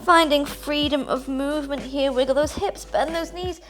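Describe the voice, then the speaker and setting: Young female yoga instructor, high and bright, cueing poses and counting breaths over faint music. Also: moderate pace. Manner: upbeat, counts breaths aloud while moving through poses. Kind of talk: guided yoga class instruction.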